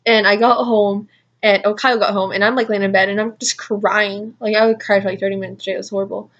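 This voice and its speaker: A woman's voice: mid-range voice, flat delivery, fast talker, a bit bright, lo-fi sound. A young adult woman telling a story in a casual vlog, rambling with constant "like" fillers. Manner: rambling, heavy use of "like" fillers. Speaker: vlogger.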